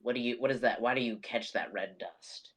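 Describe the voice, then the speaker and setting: A man's voice: mid-range voice, brisk. A man playing a tabletop game, hesitant and full of fillers, narrating his character in the third person. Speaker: player. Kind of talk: tabletop game role-play.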